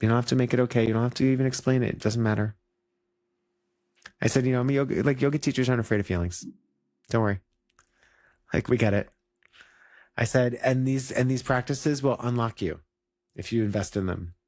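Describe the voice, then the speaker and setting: A man's voice: mid-range voice, fairly quick, long pauses, darkish tone, no room sound, clean studio sound. A man who teaches yoga, chatting casually and reflectively, full of "like" fillers and restarts. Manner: rambling, many "like" fillers and restarts. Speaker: yoga teacher and podcast co-host.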